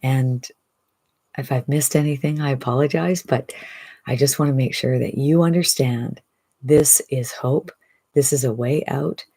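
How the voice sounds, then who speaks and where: A woman in her sixties giving an enthusiastic, persuasive direct-to-camera sales pitch as an online business coach, often asking "right?". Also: steady tone, a little slow, mellow, slightly rough. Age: 60s.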